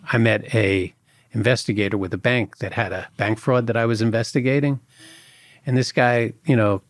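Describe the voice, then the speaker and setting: A man, a former agent telling lively stories in a podcast interview and acting out other people's voices. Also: lowish voice, no room sound. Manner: animated anecdotes, acts out other people's voices. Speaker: former FBI agent guest.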